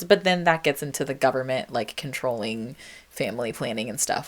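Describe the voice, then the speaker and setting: A woman's voice: extremely low pitch, lively intonation, a little fast. A young adult woman hosting a solo podcast, chatting reflectively with many ums and likes and reading out her old song lyrics. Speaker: podcast host. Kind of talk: casual solo podcast monologue.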